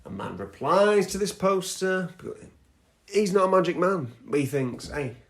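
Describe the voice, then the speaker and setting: A man's voice: high voice, very animated, a little slow, vocal fry. A man hosting a podcast, casually retelling a story with loose, sweary asides and frequent "right?" check-ins. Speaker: podcast host.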